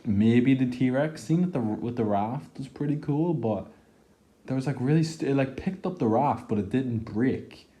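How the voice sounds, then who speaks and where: A man's voice: medium pitch, normal speed, dark tone. A young man giving an exasperated, profane film review rant, full of filler words and groans of disgust. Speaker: movie reviewer.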